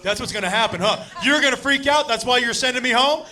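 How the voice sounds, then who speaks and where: A man on stage voicing his indignant, boastful older brother who panics and yells. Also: extremely high pitch, fast talker, soft background music, pitched above the performer's own voice, full character voice. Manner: whiny, indignant, yelling. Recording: stand-up stage with loud audience.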